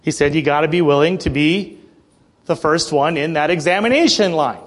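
A man preaching a sermon in a church, passionate, with joking asides and frequent throat clearing. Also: a little high, normal speed.

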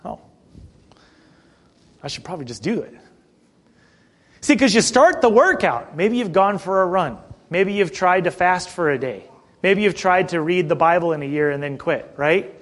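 A middle-aged man preaching a sermon in a conversational way, asking the congregation questions and often clearing his throat. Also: sits high, expressive, normal speed, pauses often, fairly bright tone. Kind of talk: sermon with personal story.

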